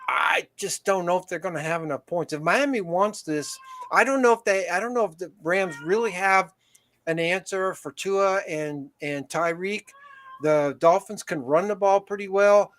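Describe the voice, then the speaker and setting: A man's voice: high voice, normal speed, fairly bright tone. A man hosting a casual sports talk show, rambling through game picks and often restarting his sentences. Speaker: host.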